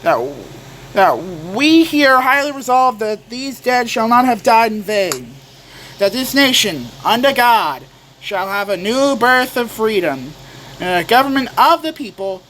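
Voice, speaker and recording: A young man doing a slow, solemn impression of President Lincoln reciting a speech, with halting restarts. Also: very high voice, expressive, sharp tone, slight background noise, full character voice, rough recording.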